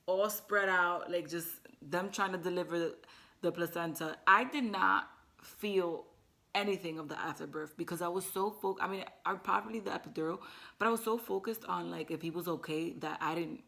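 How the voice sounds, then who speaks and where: A woman's voice: on the low side, normal speed, vocal fry, bright, forceful tone. A young woman vlogger telling a personal story to the camera in casual chat, emotional and teary, full of "like" fillers. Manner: emotional, talks with many "like" fillers.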